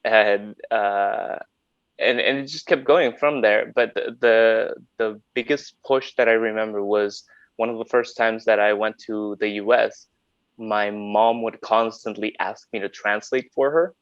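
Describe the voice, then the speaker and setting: A man's voice: lowish voice, fairly even intonation, a little slow, clear, resonant tone, dry recording. Honduran guy, native spanish speaker, playful podcast guest, dry dull sound. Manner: playful, fond of putting on voices. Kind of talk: casual chat.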